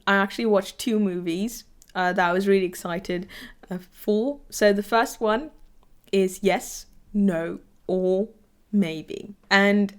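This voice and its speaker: A woman's voice: lowish voice, smooth. A woman vlogger chatting casually about anime, rambling with many fillers and restarts, and getting teary when something moves her. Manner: rambling, full of fillers, laughs and gets teary. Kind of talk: casual chat.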